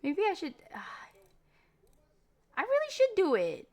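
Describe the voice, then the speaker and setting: Breathless lively streamer woman. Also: very high-pitched, a little slow. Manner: chatty and self-deprecating. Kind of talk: casual chat with viewers.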